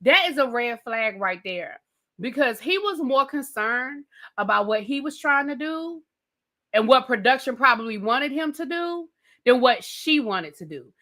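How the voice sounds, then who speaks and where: Sassy, bright-voiced woman ranting about TV. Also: sits high, a little slow. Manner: animated, blunt and sassy, swears freely. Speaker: TV show reviewer. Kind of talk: casual ranting commentary.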